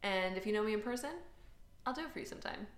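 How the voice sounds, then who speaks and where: A woman's voice: mid-range voice, very fast. An American woman in her late twenties, co-hosting a podcast in a chatty, self-deprecating way with lots of fillers. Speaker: podcast co-host. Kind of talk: casual chat. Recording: echoey room.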